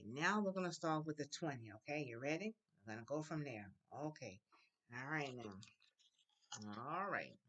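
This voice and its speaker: Low-voiced woman teaching children Spanish. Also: animated, fairly bright tone. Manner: slow, drawn-out modeling of phrases for children to repeat; coaxing and encouraging.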